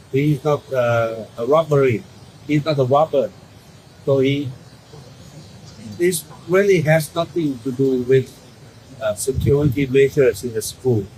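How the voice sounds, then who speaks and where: A man, a government official giving a press statement, pausing often and restarting phrases. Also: on the high side, a little mellow, slight background noise, poor audio. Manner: halting, many pauses and restarts.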